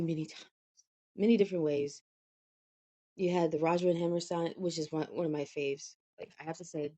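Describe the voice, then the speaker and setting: A woman's voice: on the low side, a little mellow. A woman who hosts a podcast, reading a storybook tale aloud and then chatting about it in a gushing, chatty way with frequent laughter. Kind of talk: storybook reading and casual chat.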